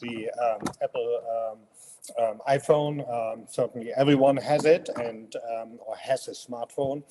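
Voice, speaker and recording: A man's voice: mid-range voice, fairly even intonation, measured pace, mellow, a little hiss or hum. A man in his fifties with a strong German accent, speaking as an interview guest, friendly and hesitant with many fillers. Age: 50s. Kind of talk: casual interview.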